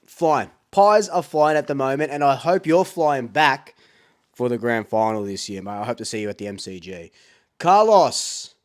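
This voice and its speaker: A man's voice: mid-range voice, normal speed. An Australian man hosting a fan talkback show, ranting in a fired-up way and often repeating himself. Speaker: fan talkback radio host.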